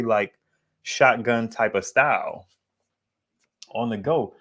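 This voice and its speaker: A man with a deep, bassy voice chatting casually to his viewers about solar gear, rambling and slangy. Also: measured pace, long pauses, a bit bright. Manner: rambling, digressive, slangy and candid. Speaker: solar equipment YouTuber. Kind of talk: casual vlog chat.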